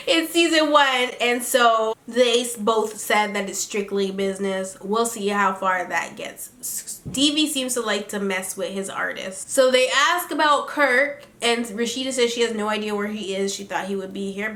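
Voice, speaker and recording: A sassy woman dishes gossip as she recaps a reality show for her viewers. Her voice is bright and a little high, and it rings in an echoey room. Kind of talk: casual chatty recap.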